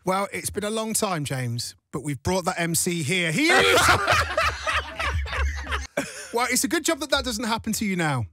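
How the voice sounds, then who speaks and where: Animated radio host, playful. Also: male voice, high-pitched, moderate pace, pauses often. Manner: upbeat, playful, teasing. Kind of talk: radio interview hosting. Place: radio studio.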